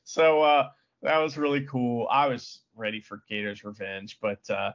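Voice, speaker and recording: A man's voice: medium pitch, fairly even intonation, unhurried, dull audio. A man co-hosting a podcast, rambling with many fillers and plenty of enthusiasm. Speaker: podcast co-host. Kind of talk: casual chat.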